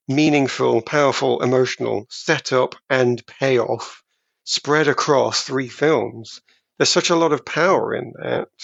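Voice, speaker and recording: A man co-hosting a podcast, talking through a film in a deliberate, emphatic way, stretching some words for effect. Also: medium pitch, gravelly, no echo, muffled recording. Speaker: podcast co-host. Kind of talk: casual film discussion.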